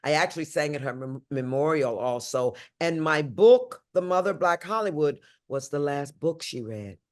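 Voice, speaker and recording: An older woman from St. Louis talks as an interview guest, warm and heartfelt. Her voice leaps high and loud on exclamations, then drops low and hushed. The delivery is lively and emotional throughout. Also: moderate pace. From St. Louis, USA.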